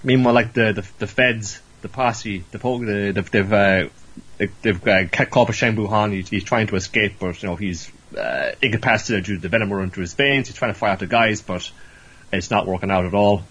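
A man's voice: lowish voice, a little fast, a bit bright, husky. A man in casual chat who rambles and swears as he recaps a show, acting out its characters. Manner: rambling, profane, acts out characters. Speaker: podcast host recapping a show.

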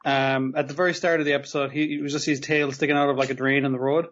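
A man in loose casual conversation, swearing and chatting with quick asides about a cartoon episode. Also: medium pitch, level tone, a bit bright, muffled recording. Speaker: podcast co-host. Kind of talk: casual chat recapping an anime episode.

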